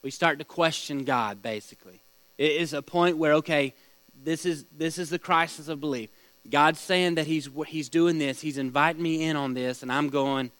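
A man's voice: on the high side, a little slow, a bit bright, no room sound, rough recording. A man leading a small-group Bible study, teaching in a conversational way, asking the group questions and telling stories.

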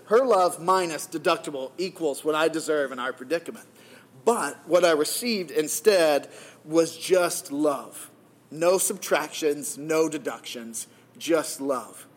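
Guy preaching, high voice, chatty story, keeps asking the crowd "right?". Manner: conversational, keeps checking in with listeners.

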